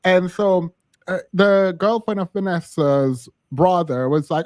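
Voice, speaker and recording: Co-host, man, high voice, dry close sound, lively storyteller. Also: normal speed, no room sound. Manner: animated storytelling with laughs. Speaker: podcast co-host. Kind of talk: casual chat.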